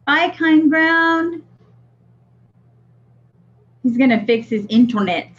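A woman's voice: sits high, animated, takes it slowly. A woman co-hosting a livestream in casual chat, laughing often and reading comments aloud. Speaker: co-host of a vaping livestream. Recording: dull lo-fi stream audio.

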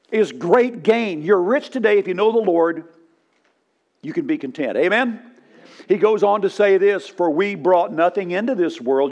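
A man, a pastor, preaching a sermon, telling funny stories and calling for responses from the congregation. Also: high-pitched. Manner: storytelling with humor, rising to loud punchlines.

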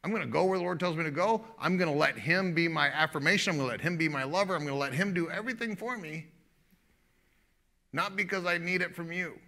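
Male pastor preaching live; emphatic and repetitive, with a bright, slightly high voice. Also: fast talker, gravelly. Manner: emphatic, laughing often, repeating phrases. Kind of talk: sermon.

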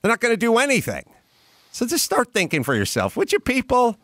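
An exasperated podcast host rants with emphatic, swearing outbursts. His voice sits high and swings widely in pitch. The sound is dry and close. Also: wildly swooping pitch, brisk, a bit bright, no echo. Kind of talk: profane comic rant.

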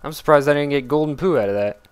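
Excitable man with a smooth voice. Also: fairly high pitch, fast talker. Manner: excitable, blurts out exclamations and complaints. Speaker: let's play gamer. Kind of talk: casual gameplay commentary.

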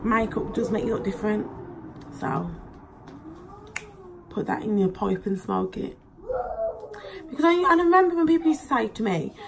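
A woman's voice: medium pitch, breathy edge, poor audio. A young woman chats casually while doing her makeup at home, rambling with plenty of likes and ums. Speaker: beauty vlogger.

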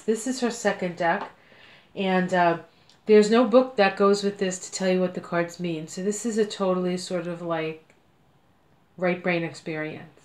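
A woman's voice: lowish voice, a little mellow. A woman from the United States giving a casual card reading at home, talking in a chatty, meandering way with many fillers. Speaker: card reader. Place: home room. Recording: echoey room.

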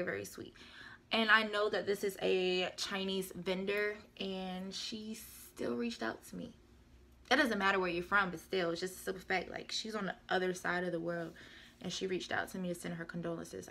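Young female vlogger, bright gravelly voice, loose rambling product chat. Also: lowish voice, little pitch movement, moderate pace. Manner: rambling, chatty, self-correcting. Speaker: beauty vlogger. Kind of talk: casual product review chat.

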